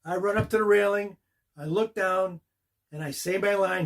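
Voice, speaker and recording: A man's voice: high-pitched, moderate pace. An older man, a working actor, casually telling a career story to the camera and acting out each beat of the scene as he goes. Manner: animated, acts out the scene beat by beat.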